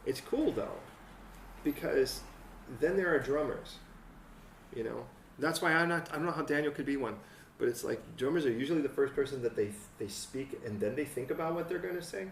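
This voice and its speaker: A man preaching a conversational sermon as pastor, acting out quotes and building to excited peaks. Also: medium pitch, brisk, vocal fry, slight background noise. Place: church hall. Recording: roomy church sound from a distant mic.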